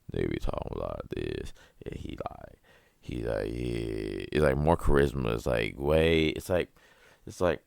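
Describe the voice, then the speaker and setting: A young man with a very deep, rumbling voice and a gravelly edge rants through a casual podcast monologue. He rambles, swears freely and laughs at his own jokes. The sound is dry and close, with no room echo. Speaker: podcast host.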